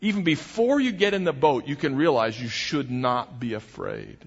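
A pastor preaches a sermon in a medium-pitched, creaky, husky voice, very animated at a moderate pace. He's earnest and emphatic, often restarting phrases, and the dull recording carries long hall reverb.

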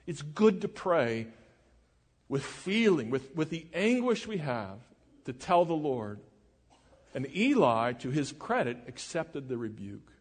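A man's voice: a little high, big pitch swings. Earnest preacher man in a reverberant hall. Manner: earnest, measured preaching with dramatic drops in volume. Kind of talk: sermon.

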